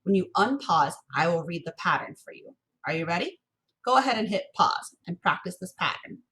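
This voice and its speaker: A woman music teacher giving a recorded lesson, patiently encouraging students and chanting rhythm syllables slowly. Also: fairly low pitch, lively intonation, fairly bright tone, breathy edge.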